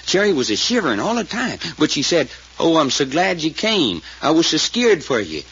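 Man, folksy drawling witness,, animated, slightly high, old radio play, faint hiss. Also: normal speed, breathy edge, lo-fi sound, exaggerated voice. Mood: earnest. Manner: drawling, hesitant, plainspoken storyteller. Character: folksy rural male witness called Doc. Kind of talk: 1940s radio acting.

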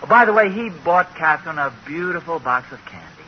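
An actor playing a bumbling, evasive husband in a 1940s radio sitcom, hesitant and stammering. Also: male voice, a little high, expressive, a little fast, close to an everyday voice. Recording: dull, faintly hissy old radio recording.

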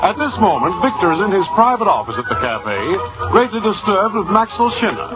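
Male radio announcer, high voice, crisp narration over loud music; dull vintage sound. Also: very animated, a little fast. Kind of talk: scripted radio drama narration. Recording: muffled old radio with loud music underneath.

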